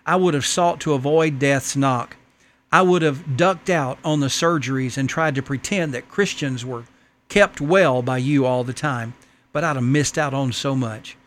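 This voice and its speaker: A man's voice: medium pitch, unhurried, a bit bright. A man preaching a sermon, earnestly reading a letter and a story aloud to the congregation.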